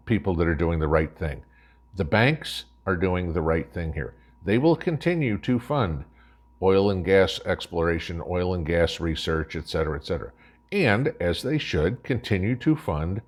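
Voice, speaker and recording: A man giving scornful, opinionated commentary as host, ranting and tagging his points with "okay?". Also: sits low.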